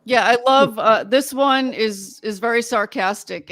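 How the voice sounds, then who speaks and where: A woman's voice: medium pitch, steady tone, measured pace, few pauses, fairly bright tone, dry recording. A woman who is a musician guest on a talk show, chatting loosely and hesitantly with plenty of fillers. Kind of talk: casual interview chat.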